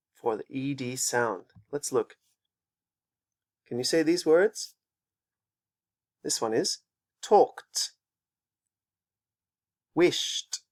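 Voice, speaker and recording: A man teaching an English pronunciation lesson, patiently repeating words for students to copy. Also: mid-range voice. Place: teaching in Japan.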